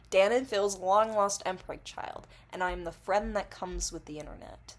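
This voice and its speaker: A woman's voice: medium pitch, moderate pace, few pauses. A woman rambles to the camera in a loose, casual vlog monologue while intoxicated. She giggles and swears freely as she wanders from one thought to the next. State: under the influence. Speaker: vlogger.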